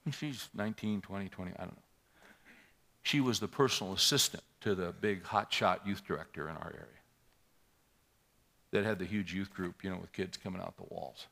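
A middle-aged man preaching a sermon as pastor, shifting between loud scripture reading and quiet storytelling. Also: low-pitched, vocal fry.

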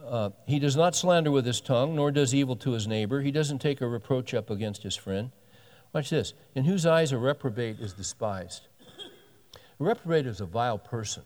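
Sixty-something preacher in a reverberant hall. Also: male voice, mid-range voice, animated, moderate pace, darkish tone. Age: 60s. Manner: folksy, joking asides, reads scripture aloud with rising emphasis. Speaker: pastor. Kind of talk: sermon.

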